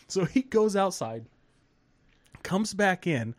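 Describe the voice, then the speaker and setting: A man on a casual podcast telling a long story, animated and swearing, laughing as he acts out the people in it. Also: sits high, unhurried. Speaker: podcast host.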